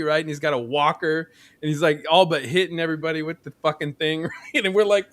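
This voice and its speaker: A man with a slightly high voice tells a story in a casual podcast chat. He is animated, swears freely and laughs as he goes. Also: a little fast, hardly any pauses. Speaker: podcast co-host. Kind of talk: casual chat, anecdote telling.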